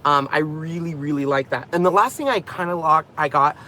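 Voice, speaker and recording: Sitting in his car in his garage, this crafting-channel host keeps up a loose, tangent-filled vlog chat, frequently laughing at his own expense. He speaks fairly quickly in a high, bright, forceful voice, and there's a slight hiss or hum on the recording.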